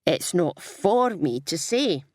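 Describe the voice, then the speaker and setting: Woman putting on a surly shopkeeper guy, snarly and loud, low husky voice, dry sound. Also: big pitch swings, slow pace, no room sound, full character voice. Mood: defensive. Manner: snarling, defensive. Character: surly middle-aged male small-town shopkeeper.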